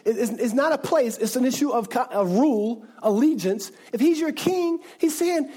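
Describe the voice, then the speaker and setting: A man's voice: extremely high pitch, lively intonation, normal speed, hardly any pauses, dark tone, breathy edge. A man preaching a sermon as a pastor, talking conversationally with frequent restarts and asides to the congregation.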